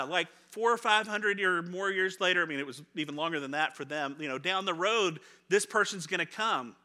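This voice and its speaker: A middle-aged man, a pastor, preaching a sermon in a conversational, animated way, acting out the voices of people in the story and laughing now and then. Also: fairly high pitch. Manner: laughs often, repeats words when restarting.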